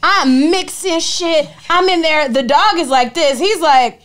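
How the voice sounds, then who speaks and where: Casting note: young woman podcast co-host, high voice, swears freely, acts out everyone in her stories. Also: unhurried, fairly bright tone. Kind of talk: casual podcast storytelling.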